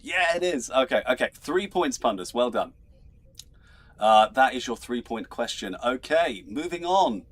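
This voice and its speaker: A male quizmaster hosts an online trivia show in a middle-pitched voice. He is chatty and laughs often. He stumbles over his words as he reads out questions and scores. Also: expressive, a little slow. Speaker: quizmaster host.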